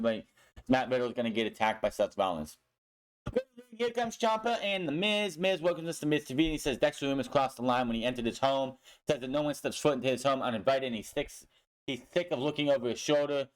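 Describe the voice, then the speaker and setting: A man's voice: a little high, clean tone. A young man recapping a wrestling show in a casual, blunt way, swearing often and sounding frustrated with the booking.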